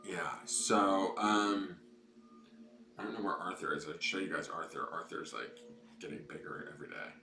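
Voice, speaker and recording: Deep-voiced man rambling in an echoey room. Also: normal speed, over music. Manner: rambling, chatty, swears casually. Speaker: tarot reader hosting live readings. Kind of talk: casual livestream chat with viewers. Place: at a desk at home. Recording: echoey room with clear background noise.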